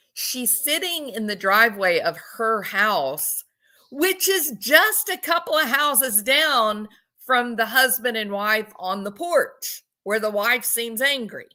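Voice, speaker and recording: A woman talks casually over a video, slowly and with a lively, swinging pitch. Her voice is bright. She keeps asking her viewers questions as she analyzes the clip. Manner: chatty, conversational, asks viewers questions. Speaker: commentator analyzing body language.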